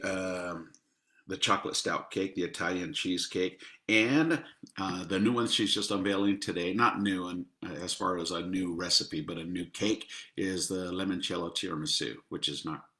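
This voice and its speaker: A middle-aged man chats casually about his restaurant's dishes, laughing at his own puns. His voice sits a little low but sounds bright and forceful. The room around him is echoey. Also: fairly even intonation, moderate pace. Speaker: restaurant owner promoting the menu. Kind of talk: casual chat.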